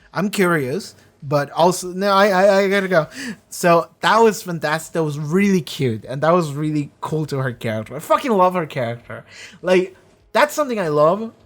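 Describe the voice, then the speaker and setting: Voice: mid-range voice, a little fast. A reaction-channel host talking through an episode in loose, rambling speech, with plenty of "like" and "you know". Enthusiasm builds and the swearing is frequent. It sounds like unscripted chat with a camera. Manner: rambling and excitable, with heavy swearing. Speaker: video reaction reviewer. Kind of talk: casual spoken review.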